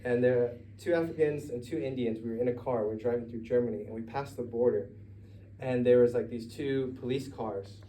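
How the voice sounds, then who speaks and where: A man's voice: medium pitch, brisk, warm tone, distant mic, a little hiss or hum, poor audio. Casual, digressive male storyteller. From United States. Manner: conversational, digressive, laughing asides. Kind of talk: live storytelling retelling a gospel story. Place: live story night venue.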